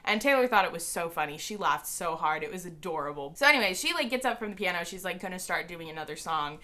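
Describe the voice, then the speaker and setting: A young woman vlogger tells a story straight to camera, gushing like an excited fan. Her voice sits low but rings bright and forceful. She fills her sentences with "like.". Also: fast. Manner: peppers speech with "like".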